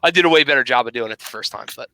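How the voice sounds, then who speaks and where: Male podcast host, gravelly and bright, blunt slangy banter. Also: mid-range voice, rapid-fire, a little hiss or hum, rough recording. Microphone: remote podcast mic.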